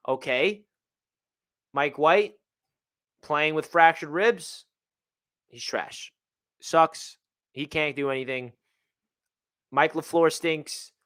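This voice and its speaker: A young man hosting a live fan reaction stream, reading out donations and venting about his team with swings between gloom and excitement. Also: fairly high pitch, clear, resonant tone. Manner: emotional, reads out donor messages, swings between gloomy and fired-up. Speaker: livestream host.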